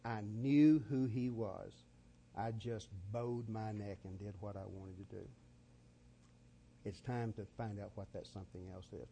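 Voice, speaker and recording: Male preacher, mellow tone, folksy storyteller. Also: fairly low pitch, measured pace, vocal fry, slight background noise. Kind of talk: sermon.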